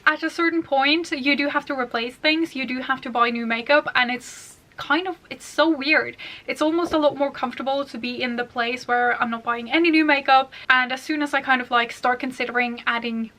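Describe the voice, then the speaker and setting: A woman's voice: high-pitched, steady tone, fairly quick, few pauses, bright, forceful tone. A woman beauty vlogger talking casually and at length about her makeup, with many fillers. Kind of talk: chatty makeup collection vlog.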